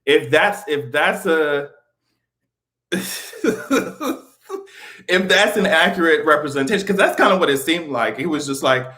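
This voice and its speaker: A man talking in a casual commentary vlog, animated, swearing freely and laughing often. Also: on the high side, measured pace, pauses often. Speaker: vlogger.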